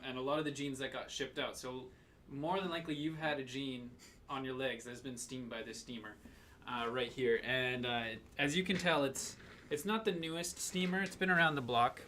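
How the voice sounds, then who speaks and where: A man's voice: mid-range voice, fairly bright tone, slight background noise. Chatty man hosting a live stream. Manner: chatty, reads out viewer names and greetings. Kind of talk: casual live-stream chat.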